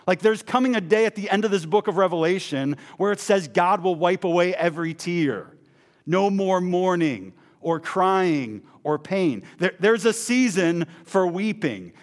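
Dramatic preaching man, fairly high voice. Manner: swings between emphatic proclaiming and hushed, low intensity; conversational, with asides and repeated words. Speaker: pastor. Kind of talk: sermon.

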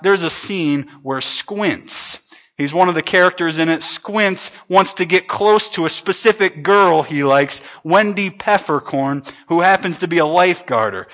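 A man preaching a sermon to his congregation, swinging between loud emphatic lines and hushed, soft ones. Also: sits high. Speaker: pastor. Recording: dull lo-fi sound.

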